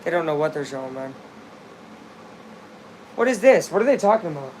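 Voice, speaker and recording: High-voiced excitable male game streamer. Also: fairly quick, a little hiss or hum. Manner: chatty, rambling, erupts into shouts at big plays. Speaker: fan streamer watching the game live. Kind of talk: casual play-by-play commentary.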